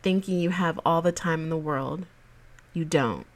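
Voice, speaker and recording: A woman hosting her own podcast, giving a slow, affirming pep talk to her listeners. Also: low voice. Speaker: podcast host. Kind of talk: solo podcast monologue.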